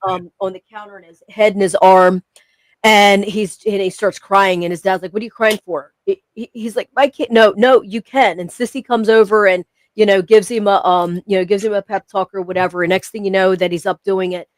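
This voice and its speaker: Woman, mid pitch, podcast co-host, rambling storyteller, dry close mic. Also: level tone, fairly quick, dry recording. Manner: rambling, many fillers and restarts. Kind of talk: casual chat, storytelling.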